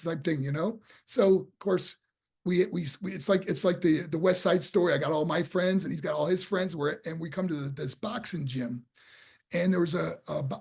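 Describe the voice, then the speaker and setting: A man's voice: on the high side, vocal fry, husky. A man from New York State, a guest and former boxer, telling his story in a casual interview and acting out the voices he quotes. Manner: animated storyteller who acts out quoted voices; repeats and restarts words when excited.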